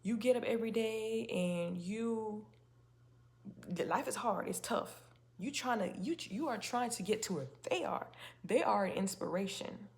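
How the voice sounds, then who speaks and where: A woman talks straight to her viewers in a casual, emphatic way, encouraging them in faith. Her voice sits in a middle pitch and she leans on rhetorical questions. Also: unhurried. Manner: chatty and emphatic, with many restarts and rhetorical questions. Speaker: faith-based video host. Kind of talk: casual spoken talk to camera.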